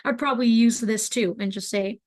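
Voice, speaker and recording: A young adult woman teaching an online craft class, talking in a relaxed, chatty way with lots of fillers as she demonstrates. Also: fairly high pitch, a little fast. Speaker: craft instructor.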